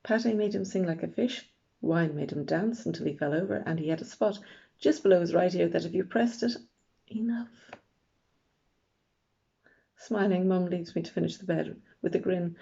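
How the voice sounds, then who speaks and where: Woman, audiobook narration, wry, dark husky voice. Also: lowish voice. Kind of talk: first-person audiobook narration. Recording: dull lo-fi recording.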